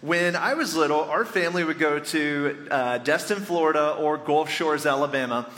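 A man's voice: a little high, normal speed, fairly bright tone. A man in his thirties, a pastor giving a conversational, storytelling sermon, chatting and joking directly with his congregation. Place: church sanctuary before a congregation. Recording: long reverb of a large church hall.

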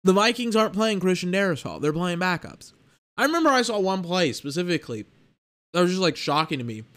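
A man's voice: high-pitched, sing-song, fairly quick, a bit bright. A young man hosting a sports podcast, talking in a casual, blunt monologue with exasperated, slangy rants. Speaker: podcast host.

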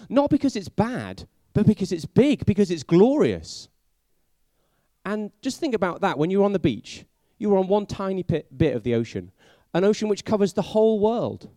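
A man preaching a sermon, telling it like a story and asking his listeners many questions, sometimes dropping to a hushed voice for emphasis. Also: sits high, sing-song, moderate pace, no room sound, studio quality. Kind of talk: sermon for a family audience.

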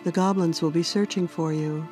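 A woman narrator voicing a young male warrior in a fantasy storybook, speaking gently and soberly. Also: sits low, fairly even intonation, normal speed, music in the background, close to an everyday voice.

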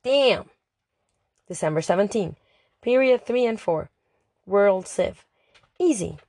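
A woman's voice: medium pitch, animated, a little slow, warm tone, dry recording, clean studio sound. A woman reading a first-person diary as an audiobook, chatty, dramatic and exasperated. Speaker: audiobook narrator.

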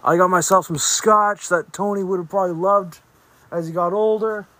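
A man's voice: high-pitched, a bit bright. A young adult man hosting a podcast, giving a casual, rambling movie review with frequent restarts. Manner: rambling, chatty, with self-corrections and restarts. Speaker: podcast host. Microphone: podcast microphone.

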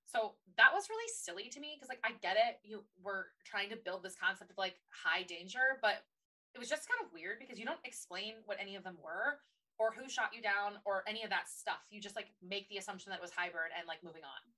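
A woman co-hosting a casual book podcast, her voice bright and forceful. She talks chattily and slips into playful put-on voices when quoting characters. She sits a little back from the microphone. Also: mid-range voice, animated, a little fast, distant mic, low-quality recording. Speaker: podcast co-host.

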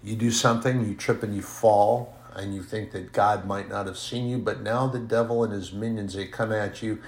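A man's voice: lowish voice, fairly even intonation, moderate pace, noisy background. A man preaching a sermon in an earnest, emphatic way, rising and falling in volume.

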